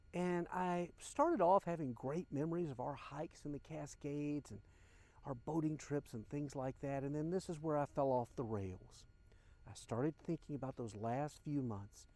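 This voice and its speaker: Earnest older man, mellow voice. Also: fairly high pitch, dry recording. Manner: earnest, emotional, speaks directly to listeners. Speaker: podcast host. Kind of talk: reflective personal monologue.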